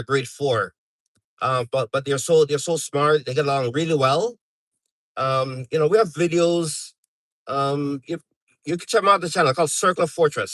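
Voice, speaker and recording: A man's voice: a little high, fairly bright tone, no echo, rough recording. Chatty middle-aged man on a live stream. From Canada. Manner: rambling, chatty, many fillers and restarts. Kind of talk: casual live stream chat.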